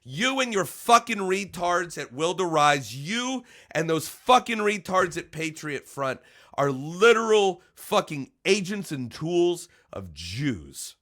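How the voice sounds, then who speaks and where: A man giving heated, profane reaction commentary, dropping to low mutters and then shouting, stammering over his words when worked up. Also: very animated, slow pace. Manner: stammering restarts when agitated. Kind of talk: angry ranting commentary.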